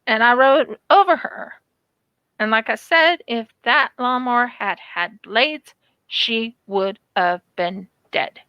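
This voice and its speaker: A woman's voice: on the high side, slow pace, clean tone, no echo, dull audio. A woman vlogger chatting casually about childhood memories while she crafts, acting out quotes as she goes. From United States. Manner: animated, acts out quotes in her storytelling.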